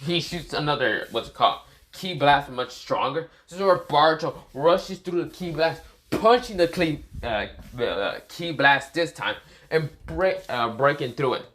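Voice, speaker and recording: A man telling an improvised fan story in a casual, rambling way. His pitch sits a little high for a man and moves lively up and down. He stops to correct himself and leans hard on fillers. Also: moderate pace.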